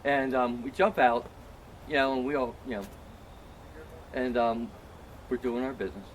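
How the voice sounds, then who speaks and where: A man's voice: medium pitch, steady tone, moderate pace, slight background noise. A middle-aged man telling a long, self-mocking story among friends, full of "um" and "you know.". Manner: rambling, filler-heavy, self-mocking. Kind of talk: casual anecdote.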